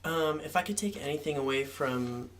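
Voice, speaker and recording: A cast member answering interview questions casually, pausing and restarting earnestly, and later telling a story through laughter. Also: medium pitch, slight background noise. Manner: halting earnest speech, then laughing storytelling.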